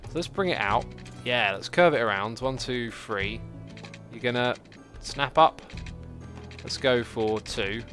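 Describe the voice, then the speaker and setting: A man giving casual, chatty livestream commentary while building a city in a game, reacting out loud to it and answering chat. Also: mid-range voice. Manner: chatty, talks to the game and to chat, quick exclamations. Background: faint background music.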